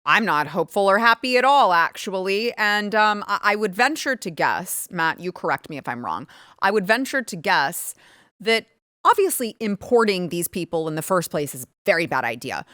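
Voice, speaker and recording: A woman's voice: medium pitch, sing-song, moderate pace, pushed and bright, dry recording, studio quality. An American woman hosting a political commentary show, talking emphatically and pushing her points hard. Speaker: host.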